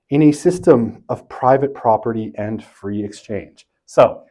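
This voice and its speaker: A man's voice: medium pitch, warm tone. Guy lecturing a class, chatty and loose, keeps asking if you follow, mid-range voice. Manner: conversational, tags points with "right?". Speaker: university lecturer. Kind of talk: university lecture.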